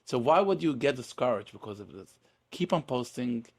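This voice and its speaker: A man's voice: mid-range voice, expressive, moderate pace, a little mellow, no echo. A man guest on a podcast, talking earnestly in casual conversation and often repeating words as he restarts. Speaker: podcast guest, real estate agent.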